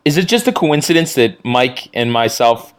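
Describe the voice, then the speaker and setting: A man's voice: medium pitch, animated, moderate pace, clear, resonant tone. A man, a podcast guest, defending himself in casual banter, laughing often and talking impulsively.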